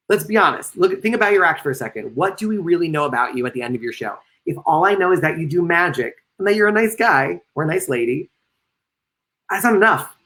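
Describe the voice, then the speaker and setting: Man giving a jokey live lecture. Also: fairly bright tone. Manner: joking asides, sudden playful jumps in pitch. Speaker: lecturer and comedian. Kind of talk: live-streamed lecture reading chat comments.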